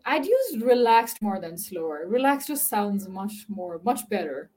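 A woman from Nepal, chatting as a podcast guest, animated and laughing often between filler-laden sentences. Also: mid-range voice, measured pace, slight background noise. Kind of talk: casual interview chat.

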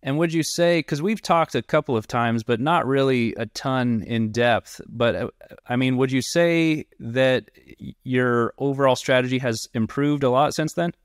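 A male host leads a casual interview with loose, easygoing questions. His voice is smooth and clean at a middle pitch. The sound is dry and close. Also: moderate pace, dry recording. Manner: relaxed, loose questions with restarts.

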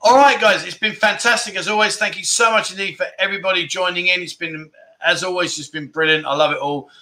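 A man's voice: sits high, steady tone, fast talker, sharp tone. A man hosting a casual livestream chat, effusive and chatty as he keeps thanking his viewers. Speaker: livestream host.

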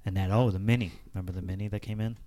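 Mellow low-voiced man, laid back. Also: rapid-fire, no echo. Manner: relaxed, agreeable, short replies. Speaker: podcast co-host. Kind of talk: casual chat. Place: home.

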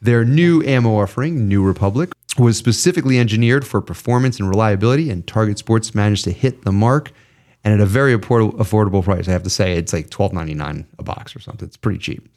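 A man's voice: lowish voice, fast. A man hosting a casual podcast, ranting with lots of swearing, then reading sponsor ads. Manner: ranting, profane, animated. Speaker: podcast host. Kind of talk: casual podcast chat and ad reads.

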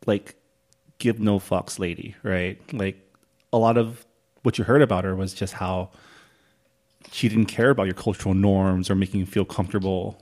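A man's voice: sits low, fairly even intonation, moderate pace, a little mellow. A man co-hosting a talk show, teasing his guests playfully. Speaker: host. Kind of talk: casual chat.

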